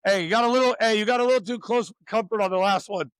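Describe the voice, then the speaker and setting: Upbeat man coaching a youth warm-up. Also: sits high, racing, clear, resonant tone, dry recording, clean studio sound. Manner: loud, upbeat, teasing. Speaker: pitching coach.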